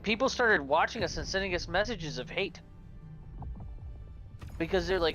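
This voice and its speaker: A man's voice: high-pitched, lively intonation, normal speed, bright, forceful tone, soft background music, poor audio. A man telling rambling, profane gaming stories in casual chat as a podcast co-host.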